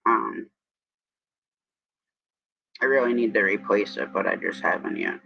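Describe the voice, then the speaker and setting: A man's voice: lowish voice, a little slow, gravelly, breathy edge, lo-fi sound. A man from New York with an upstate New York accent, hosting a casual morning live stream and chatting in a rambling way while greeting viewers.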